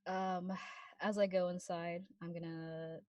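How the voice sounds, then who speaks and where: A woman's voice: lowish voice, little pitch movement, slow, no echo, lo-fi sound. A woman playing her character in a tabletop game, playful as she describes her actions. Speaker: player. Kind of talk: tabletop role-play.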